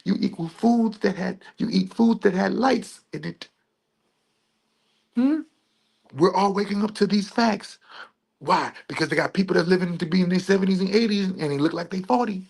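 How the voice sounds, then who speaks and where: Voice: mid-range voice, normal speed, gravelly, a little mellow, slightly rough. A spiritual video host in a rambling monologue, asking and answering their own questions with playful wordplay and repeating phrases in a sing-song rhythm.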